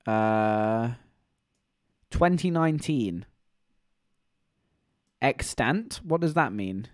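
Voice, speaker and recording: Lively man rambling on stream. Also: mid-range voice, drawn-out words, no echo, clean studio sound. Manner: rambling, joking, animated storytelling. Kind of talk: casual live-stream chat.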